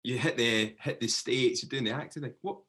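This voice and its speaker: A man hosting an interview, asking questions in a halting, relaxed way. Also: mid-range voice. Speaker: podcast host. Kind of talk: casual interview chat.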